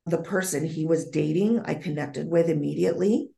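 A woman's voice: deep voice, moderate pace, gravelly, dark tone, echoey room. A woman being interviewed as a psychic medium, telling a story vividly, acting out the dialogue and often restarting her sentences.

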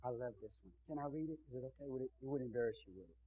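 A man's voice: mid-range voice, animated, racing, no room sound, phone-quality sound. A male pastor preaching and praying before his congregation, talking in a folksy, chatty way with asides to the people in the pews. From Texas. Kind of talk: sermon and prayer.

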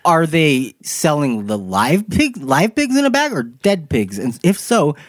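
A man's voice: fairly high pitch, big pitch swings, unhurried, no room sound, studio quality. A man hosting a podcast, reading idiom meanings from his notes in casual chat and laughing often. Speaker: podcast host.

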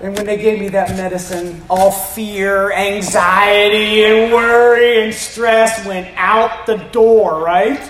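A man in his fifties preaching a sermon as a pastor, animated, with joking asides and rising to emphatic shouts. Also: sits high, slow, few pauses, a little hiss or hum. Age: 50s. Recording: roomy echo.

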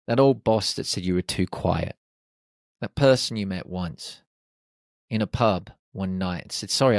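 Low-pitched and recorded dry in a clean studio, a man hosts a motivational podcast monologue. He talks listeners through confidence with an upbeat, encouraging tone and some joking asides.

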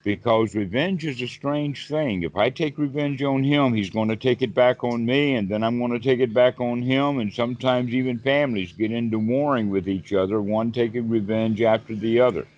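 A man gives a calm, patient Buddhist teaching on a video call, explaining step by step and repeating a word now and then while he thinks. His voice sits at an ordinary middle pitch. The call audio is somewhat dull and lo-fi. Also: normal speed, hardly any pauses. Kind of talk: dharma talk on a group call.

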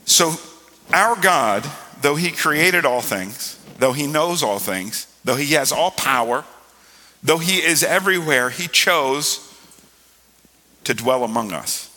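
Male pastor, sharp bright tone, preachy and emphatic, church hall reverb. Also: on the high side, expressive, slow pace. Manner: preachy, rising to loud emphatic stretches. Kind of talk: sermon. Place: church sanctuary.

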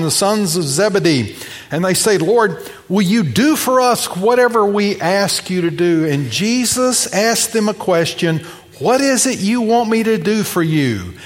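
A man delivers a sermon as lively storytelling. He slips into the voices of the people he describes. His voice sits high, and it rings out with a long reverb through a large church hall. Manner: animated storytelling, acting out the people in the passage. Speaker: pastor.

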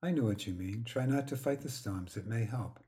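Man reading patient woman friend, soft-spoken, firm, lowish mellow voice. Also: moderate pace, lightly acted. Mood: gentle, firm.

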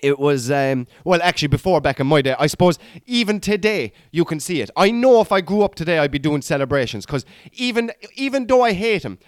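An Irish man in his thirties, working through a comedy bit in a loose, rambling way, swearing freely and tripping over his own restarts. His voice sits a little high for a man. He sounds close and dry, with no room echo at all. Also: expressive, a little fast. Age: 30s. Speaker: comedian podcast host. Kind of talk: casual comedic monologue.

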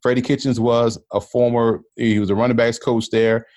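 Measured man giving sports analysis. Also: mid-range voice, little pitch movement, a little mellow, no echo. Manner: measured, repeats words as he thinks. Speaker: guest analyst. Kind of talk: casual sports chat.

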